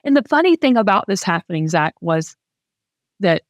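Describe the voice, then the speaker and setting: A woman's voice: medium pitch, sing-song, moderate pace, no room sound. Heartfelt Southern woman, dry close sound. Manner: emotional and heartfelt, with frequent restarts. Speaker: host. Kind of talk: candid casual chat.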